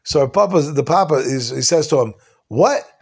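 A man teaching a casual Talmud class, quickly translating the text line by line with asides. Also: on the high side, vocal fry, husky.

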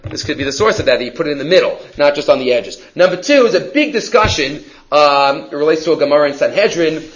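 A man teaching a Talmud class, translating line by line and acting out the dialogue with lively energy. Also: a little high, fast, dull audio. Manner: lively, acts out the story's dialogue.

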